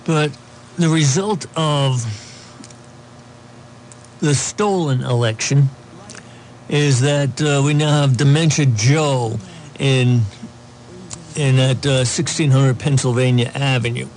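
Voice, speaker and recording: A man's voice: mid-range voice, slow, pauses often, darkish tone, slight background noise. A man giving casual political commentary, reading news aloud with sarcastic asides and plenty of ums. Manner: sarcastic asides, many fillers.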